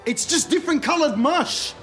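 An Australian man playing a rude, foul-mouthed young fast-food worker who snaps sarcastic insults at customers in a comedy sketch. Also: very high-pitched, animated, a bit bright, faint music behind. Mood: insulting.

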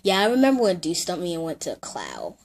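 A woman's voice: fairly low pitch, wildly swooping pitch, brisk, a little mellow. A woman playing out a doll scene, switching between playful character voices.

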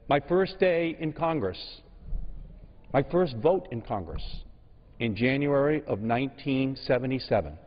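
A man in his sixties speaks from the floor of a large legislative chamber, the long reverb trailing each phrase. His oratory is slow and emphatic, broken by frequent pauses, and the sound is a little dull and muffled. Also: mid-range voice. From Massachusetts. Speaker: congressman. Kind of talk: floor speech.

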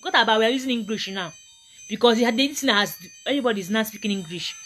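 A woman's voice: on the high side, fast talker, fairly bright tone, faint music behind. A Nigerian woman giving a motivational talk to camera, emphatic and preachy, often repeating her points. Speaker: motivational vlogger.

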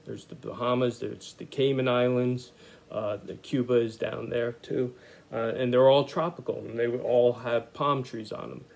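This man's voice is medium-pitched and gravelly, at a moderate pace, as he leads an art lesson for children. Easygoing, he narrates his lettering, sounds out words for young readers, and thinks aloud with lots of "uh" and "okay."

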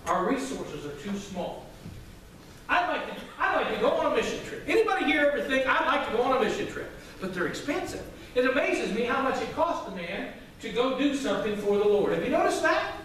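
A male pastor preaching a sermon to his congregation, loud and emphatic, with asides to the room. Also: extremely high pitch, very animated, brisk. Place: church sanctuary. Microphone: microphone at a distance. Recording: very echoey hall, from far off, faint noise.

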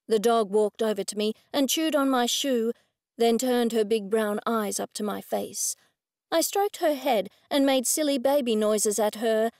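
Female audiobook narrator, first-person cozy mystery, fairly high voice, dry close recording. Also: measured pace, a little mellow, dry recording.

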